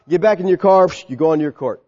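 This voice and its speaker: Animated high-voiced preacher in a reverberant hall. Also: male voice, racing. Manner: soft, quiet prayer. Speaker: pastor. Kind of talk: sermon. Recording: long hall reverb, dull sound.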